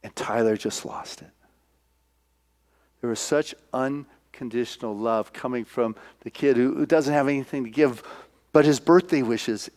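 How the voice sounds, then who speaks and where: A male minister giving a sermon, retelling a film scene by scene in an animated, storytelling way. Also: medium pitch, measured pace.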